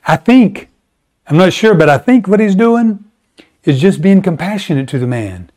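A man's voice: lively intonation, moderate pace, a little mellow. Emphatic, conversational preacher man. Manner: conversational, emphatic preaching with sudden pitch rises. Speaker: pastor. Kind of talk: sermon.

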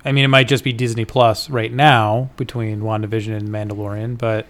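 A man's voice: lowish voice, little pitch movement, a little fast, fairly bright tone. Casual swearing podcast co-host man. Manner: loose and profane, lots of "like". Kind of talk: casual chat.

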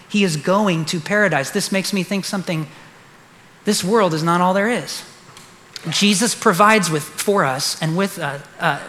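A pastor with a high, sharp voice delivers an earnest, emphatic sermon, repeating key phrases for weight. The recording carries the long reverb of a large hall.

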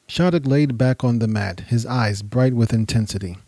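A man narrating a history podcast in a measured, dramatic storytelling manner. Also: medium pitch, mellow, dry recording.

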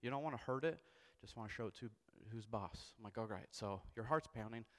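A young man preaching a sermon, telling a comic story with animated, self-mocking delivery and frequent asides of "okay?". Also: on the low side, brisk. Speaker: pastor. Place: church sanctuary. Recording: long church hall reverb.

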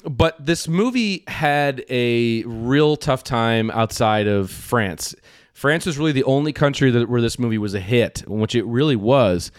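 Podcast co-host, man, rambling and profane, mid-pitched voice, dry close mic. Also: a little slow, no echo. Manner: rambling, profane storytelling with animated quoted voices. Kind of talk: casual film podcast chat.

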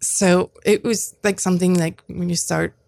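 Speaking at a moderate pace, a fifties-aged woman shares a personal story as an interview guest, earnest and prone to restarts and repetition. Her lowish voice is creaky, a little mellow and fairly even in intonation, captured in clean, dry studio sound.

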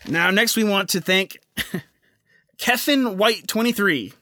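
A man's voice: sits high, lively intonation, takes it slowly, pushed and bright, no echo, studio quality. A young man hosting a casual podcast, rambling with lots of fillers and restarts. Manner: rambling, filler-heavy, self-interrupting. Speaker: podcast host.

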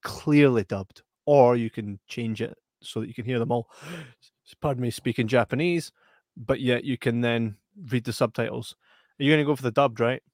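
A man's voice: mid-range voice, normal speed, a little mellow, dry recording, clean studio sound. A man co-hosting a live stream, chatting casually, laughing often and reading out comments. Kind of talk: casual chat.

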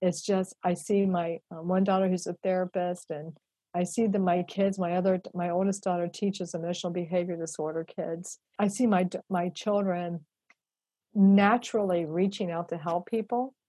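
A woman in her fifties, a guest and executive director, telling a heartfelt story in an animated, emphatic way that often repeats itself. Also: fairly low pitch, normal speed, slightly rough, dry recording.

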